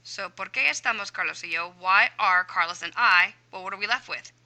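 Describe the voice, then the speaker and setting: A woman Spanish teacher walks students through an answer key, narrating each step aloud in a chatty, self-talking way. Her voice is very bright and crisp, pitched in a middle range for a woman. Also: a little fast, low-quality recording. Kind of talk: explaining a homework answer key.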